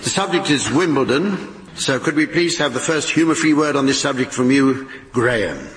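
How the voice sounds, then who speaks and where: A man's voice: medium pitch, expressive, normal speed. A man chairing a comic panel game in front of a live theatre audience, announcing rounds in a dry, mock-formal manner. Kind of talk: comic quiz hosting. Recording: live theatre recording, loud audience noise.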